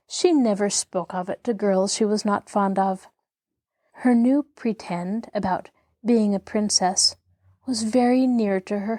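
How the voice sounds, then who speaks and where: A woman reads a classic novel aloud as an audiobook host, measured and expressive. Her voice sits mid-range, recorded close and dry with no room sound. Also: mid-range voice, dry recording. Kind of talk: scripted narration of a classic novel.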